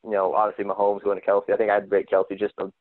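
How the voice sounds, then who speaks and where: A man's voice: fairly low pitch, monotone, quick pace, no echo. A man appearing as a guest on a sports podcast, hedging and thinking aloud over a phone-like line. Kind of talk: casual sports chat. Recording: dry tinny phone line.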